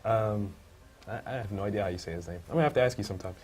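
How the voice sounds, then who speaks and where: A man co-hosting a casual comic book review podcast, thinking aloud with many fillers and breaking into loud, high-pitched outbursts when excited. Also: very fast, a little hiss or hum. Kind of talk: casual chat.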